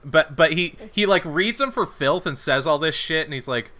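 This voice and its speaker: A man's voice: fairly high pitch, animated, moderate pace, bright, forceful tone. A man co-hosting a podcast, casually recapping a film's plot in a rambling way with lots of filler words. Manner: rambling, many "like" fillers, retells scenes. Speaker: podcast co-host. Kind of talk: casual movie recap chat. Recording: audio-only podcast.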